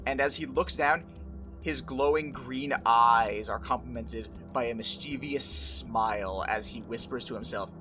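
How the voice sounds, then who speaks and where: A game master narrating a tabletop game in a measured, dramatic way with pauses. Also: mid-range voice, over music.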